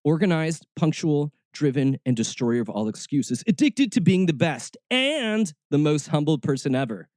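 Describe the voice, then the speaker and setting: A man's voice: a little high, sing-song, normal speed, hardly any pauses, a little mellow, no room sound, clean studio sound. A man hosting a podcast, reading a church job ad aloud with sarcastic commentary, mocking it and laughing at his own jokes. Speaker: podcast host.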